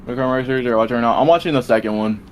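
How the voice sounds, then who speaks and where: A man's voice: mid-range voice, quick pace, a little hiss or hum. A man making a rambling, repeating case in a casual debate over a voice call. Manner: rambling, repeats and restarts while arguing.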